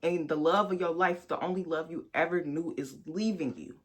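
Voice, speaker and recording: A young woman recounts a painful chapter of her life on her vlog, swearing freely and addressing viewers as if they were friends. When she is indignant her voice jumps high and loud. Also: normal speed. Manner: candid, profane storytelling that addresses viewers directly; bursts into loud, high outbursts when outraged. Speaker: vlogger. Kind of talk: storytime vlog.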